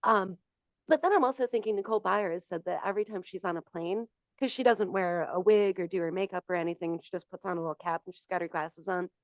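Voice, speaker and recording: A woman's voice: fairly low pitch, fast, no echo. A middle-aged woman co-hosting a podcast, chatting candidly and telling anecdotes. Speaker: podcast co-host. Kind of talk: casual chat.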